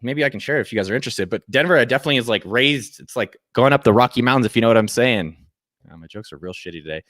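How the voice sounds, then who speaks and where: A man's voice: mid-range voice, animated, racing, a bit bright, dry recording, studio quality. A man hosting live office hours from a friend's home, chatting casually, joking, swearing freely and greeting viewers by name. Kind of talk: casual livestream chat.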